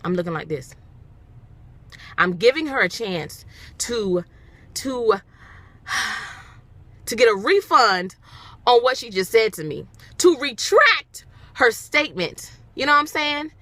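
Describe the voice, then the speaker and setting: A young woman tells a story to her phone camera in a bright, sharp voice that swoops high and low. She talks in a casual, dramatic way, repeating lines for emphasis. Her voice sits fairly high. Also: sing-song, slow pace, long pauses. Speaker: vlogger.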